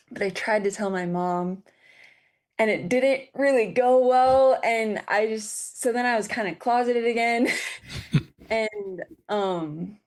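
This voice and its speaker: A woman in her twenties, a podcast guest, shares a personal story haltingly, with frequent fillers and restarts, sounding close to tears. Her voice is mid-range with a darkish tone.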